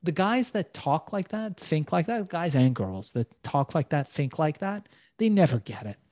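A man's voice: fairly high pitch, sing-song, moderate pace, darkish tone, no echo. Brash, profane man telling stories. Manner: brash storytelling, heavy swearing. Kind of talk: casual conversation.

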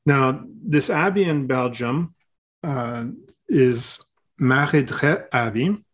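Relaxed halting male podcast host. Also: mid-range voice. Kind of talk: casual podcast chat.

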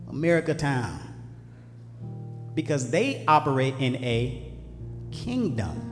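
A man preaching a sermon, swinging between shouted lines and low asides in call-and-response style. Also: very animated, measured pace, long pauses. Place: church sanctuary. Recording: echoey hall with faint music.

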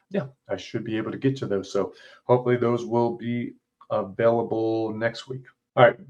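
A man's voice: medium pitch, muffled recording. A man, author and podcast host, reading his interactive story aloud with blunt, casual asides and free swearing.

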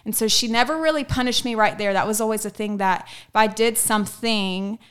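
A woman's voice: on the high side, a little fast, fairly bright tone, clear, resonant tone. A young woman, telling upbeat stories in a casual chat about working with her mother. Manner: upbeat storytelling with small laughs. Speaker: salon colorist, guest.

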